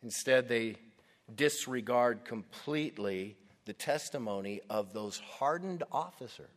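Man, pastor, sermon, slow deliberate delivery, emphatic stresses, long hall reverb. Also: mid-range voice, animated.

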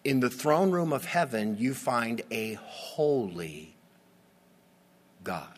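Slow, emphatic male preacher. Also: mid-range voice, sing-song. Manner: slow, emphatic preaching with dramatic pauses and surges in volume. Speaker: pastor. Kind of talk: sermon.

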